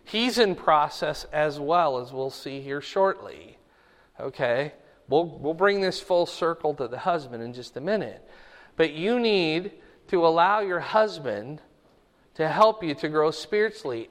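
A man's voice: on the high side, big-room sound. A man preaching a conversational sermon to a congregation, often checking that listeners follow him. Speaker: pastor. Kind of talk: sermon teaching.

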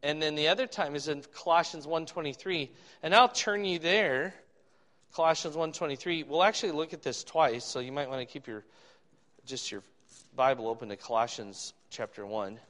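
Male pastor, slightly high and bright voice, verse-by-verse sermon, reverberant hall. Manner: reads scripture slowly and loudly, then explains conversationally. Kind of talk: expository sermon.

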